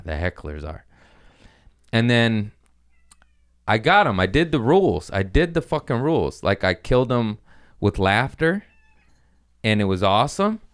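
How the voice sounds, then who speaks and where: A man's voice: lowish voice, clean tone. A man hosting a podcast, casually telling a rambling, profane story about his comedy gig.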